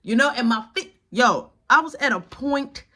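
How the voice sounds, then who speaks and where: A man telling a casual storytime in an animated, slangy, dramatic style. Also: extremely high pitch, normal speed.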